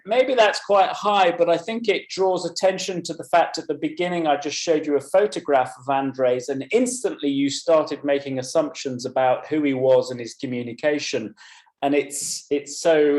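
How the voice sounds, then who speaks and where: A man's voice: a little high, a little mellow. Man presenting a teaching webinar, roomy sound. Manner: measured, explanatory, reads out chat comments. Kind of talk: live teaching webinar, talking through slides. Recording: roomy echo.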